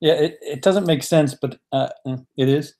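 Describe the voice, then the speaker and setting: A man's voice: a little high, moderate pace, darkish tone. A man co-hosting a casual movie chat, joking and swearing often. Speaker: co-host.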